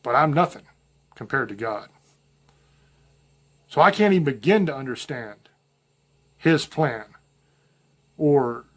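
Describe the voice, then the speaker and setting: Folksy man, higher-pitched voice. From rural Virginia mountains. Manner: folksy, rambling, storytelling with self-quoted asides. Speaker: podcast host. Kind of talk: casual spoken monologue.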